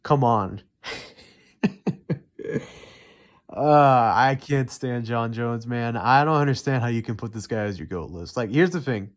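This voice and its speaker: A man's voice: medium pitch, unhurried, long pauses. A young man ranting heatedly and profanely in unscripted commentary, rambling with many fillers. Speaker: MMA commentary YouTuber.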